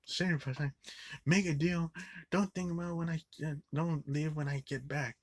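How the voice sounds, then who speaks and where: A man voicing a brash, sleazy male salesman with a loud, high, hyped sales pitch. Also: steady tone, moderate pace, dry recording, close to an everyday voice. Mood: pushy hype.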